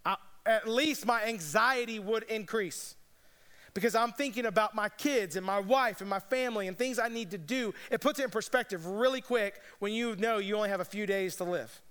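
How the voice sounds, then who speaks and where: A man's voice: sits high, normal speed, a bit bright, smooth. A man preaching a sermon as pastor, earnest but conversational, with casual asides. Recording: long reverb of a large hall.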